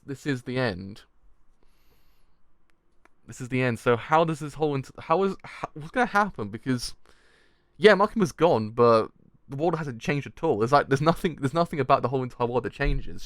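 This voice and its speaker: A young man hosting a live manga reaction and review, excitable, swearing freely and laughing often. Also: medium pitch, dry recording, studio quality. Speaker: manga reaction channel host.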